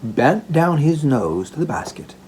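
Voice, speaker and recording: A man's voice: a little high, sing-song, unhurried, darkish tone, a little hiss or hum. A man narrating a classic story aloud for an audiobook, in a theatrical storytelling manner. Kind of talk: expressive narration of a classic novella.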